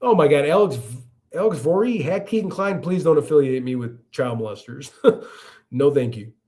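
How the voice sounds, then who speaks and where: With a fairly high but dark voice at normal speed, a Chicago-accented man in his thirties from the Chicago area runs a casual livestream. He chats in response to viewer comments, restarting himself often.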